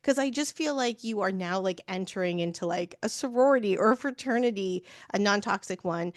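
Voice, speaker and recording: A woman's voice: medium pitch, fairly quick, dry recording. Reflective woman podcast host, dry sound. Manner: reflective, thinks aloud with fillers. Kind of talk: casual interview conversation.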